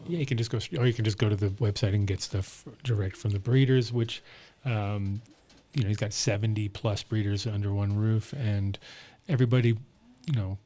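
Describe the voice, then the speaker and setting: A man's voice: fairly low pitch, steady tone, moderate pace, mellow. A man hosting a podcast in casual, rambling chat, joking and swearing freely. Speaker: podcast host.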